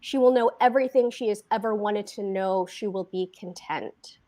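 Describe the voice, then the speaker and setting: A woman author reading her own fiction aloud at a book event, slow and deliberate with dramatic pauses. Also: mid-range voice, warm tone.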